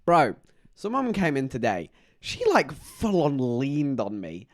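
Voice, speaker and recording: A man chatting on a live stream, his pitch bouncing up and down as he rambles through stories. His voice sits in the middle of the range. The sound is dry and close, with no room echo. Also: slow. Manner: rambling, animated storytelling with frequent laughs. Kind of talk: casual live-stream chat.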